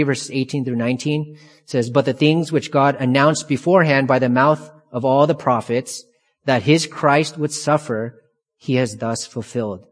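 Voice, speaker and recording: Man preaching in a reverberant hall. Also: mid-range voice. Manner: emphatic, deliberate, repeats key phrases. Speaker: pastor. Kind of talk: expository sermon. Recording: long reverb of a large hall.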